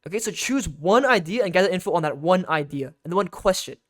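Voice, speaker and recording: A man's voice: high-pitched, expressive, fast talker, fairly bright tone. A man giving an instructional game guide as a coach, emphatic and repetitive, often checking in with "okay?".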